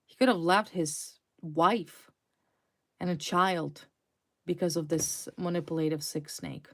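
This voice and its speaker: Woman tarot reader, slow, fairly low voice, intense, repeats words. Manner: intense, repetitive, dramatic emphasis. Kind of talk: tarot reading to viewers.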